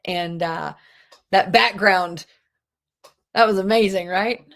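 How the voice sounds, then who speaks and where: A woman's voice: mid-range voice, takes it slowly, creaky. Chatty woman teaching an online class. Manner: chatty, expressive, reads lines aloud dramatically. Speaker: homeschool English teacher. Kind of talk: live online class lecture. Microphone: video call.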